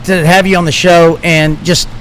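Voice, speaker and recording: Male host, high voice, curious easygoing questions, casual interview. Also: flat delivery, moderate pace, a bit bright, a little hiss or hum, low-quality recording. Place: studio.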